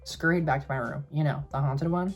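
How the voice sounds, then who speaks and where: A man's voice: a little high, steady tone, fairly quick, slightly rough, faint music behind. A young man in drag telling a spooky story to camera in a sassy, profane, dramatic way.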